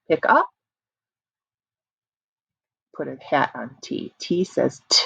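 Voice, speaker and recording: A woman teacher with a gravelly, husky voice gives an encouraging online early-reading lesson, drawing words out slowly for the children to clap along. Her voice is recorded dry and close, and the sound is a little dull and lo-fi. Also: low-pitched, no echo. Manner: encouraging, stretches words out slowly for clapping syllables. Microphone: computer mic.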